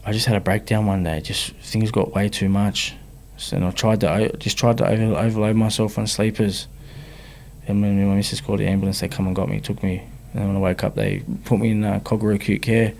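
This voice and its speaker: Gravelly Australian man telling his story. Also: on the low side, flat delivery, brisk, a little mellow, slight background noise. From Sydney, Australia. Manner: frank, slangy, often adds "you know what I mean". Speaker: guest, rapper. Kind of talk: candid personal storytelling.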